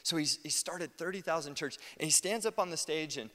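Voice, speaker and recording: American pastor preaching in a reverberant hall. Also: male voice, on the high side, brisk. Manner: conversational, animated, with asides. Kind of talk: sermon.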